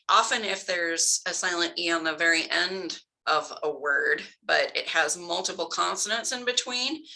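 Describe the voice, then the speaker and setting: A woman talks through phonics lessons in a patient, step-by-step way. Her voice sits low and comes across bright and forward, with a gravelly edge. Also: poor audio. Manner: patient, explains step by step with examples. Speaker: tutor trainer. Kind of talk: instructional talk.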